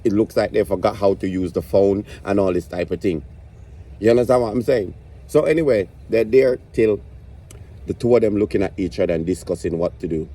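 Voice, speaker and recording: A man's voice: on the low side, a little fast, mellow. A man telling a stand-up story about his grandma, swearing and ranting in exasperation. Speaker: comedian.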